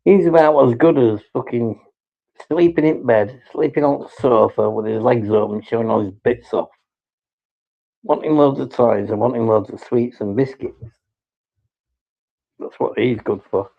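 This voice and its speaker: A man's voice: medium pitch, normal speed, creaky, pauses often, phone-quality sound. A man chatting casually on a live stream, rambling and swearing as he teases his pet.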